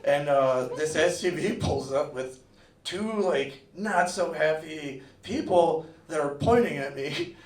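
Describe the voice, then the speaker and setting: A man's voice: fairly high pitch, lively intonation, slow. A man from Miami tells a personal story at a live storytelling night, talking loosely with lots of fillers, recorded in an echoey room from far off. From Miami, USA. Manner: rambling, loose, full of "like" fillers. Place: museum event room, live audience.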